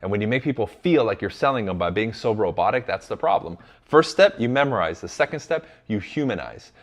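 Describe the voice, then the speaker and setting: A man's voice: lowish voice, animated, brisk. A man giving blunt, emphatic coaching to his audience, speaking directly and sometimes swearing. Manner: blunt and emphatic, addresses the audience as "you guys"; drops into casual swearing. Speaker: sales coach. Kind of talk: direct motivational instruction.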